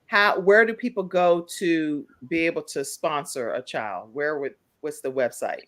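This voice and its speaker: A woman with a low, slightly bright voice hosts a live talk show. She's upbeat and encouraging, and she spells out details slowly for her listeners.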